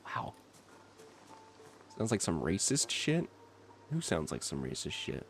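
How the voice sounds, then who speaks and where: A man's voice: sits low, huge pitch swings, slow pace, soft background music. A young man chatting casually with his livestream chat while gaming, laughing often and reacting to comments. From not from Kentucky. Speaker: streamer.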